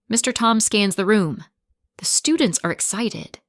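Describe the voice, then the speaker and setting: Female narrator for a learner story: clear, deliberate, very slow, dry. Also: medium pitch, animated, a bit bright, dry recording. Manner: simple short sentences, clear and deliberate.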